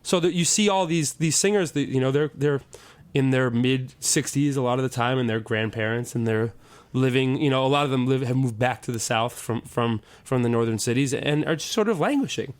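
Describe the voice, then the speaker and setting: A man's voice: medium pitch, a little fast. A man, a soul singer, chatting casually in an interview, rambling with lots of restarts and fillers. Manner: rambling, many restarts and "you know". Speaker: soul singer and guitarist, guest.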